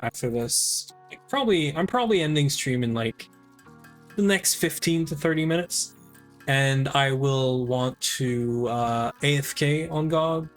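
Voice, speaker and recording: A man live-streaming a game, chatting casually with friends, rambling with many fillers and restarts. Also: mid-range voice.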